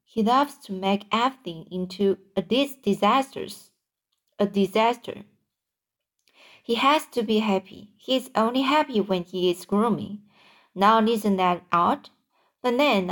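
A fretful storybook ladybug who worries aloud and confides in others, as a woman reads her. She speaks slowly and carefully. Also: medium pitch, close to an everyday voice. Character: anxious chatty female ladybug.

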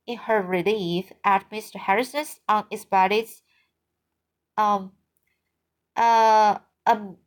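A woman's voice: mid-range voice, fairly even intonation. Woman reading aloud, stumbling on words. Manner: halting, stumbles and corrects herself. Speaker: audiobook reader. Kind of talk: amateur audiobook narration.

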